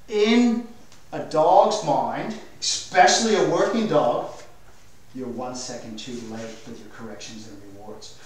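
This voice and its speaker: A man coaching a dog owner in a hands-on training demonstration, energetic and direct. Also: on the high side, a little hiss or hum. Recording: echoey room, mic far off.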